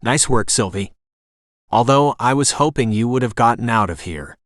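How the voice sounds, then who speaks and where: A man voicing a cool, protective young hero in an audiobook, speaking in a calm and drawling way. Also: medium pitch, moderate pace, no echo, studio quality, close to an everyday voice. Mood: gentle.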